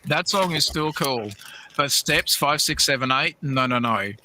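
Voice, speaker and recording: A man's voice: mid-range voice, measured pace, a loud crowd. A middle-aged man hosting a livestream, telling a rambling, laughing story with many restarts. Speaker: livestream host. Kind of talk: casual storytelling chat.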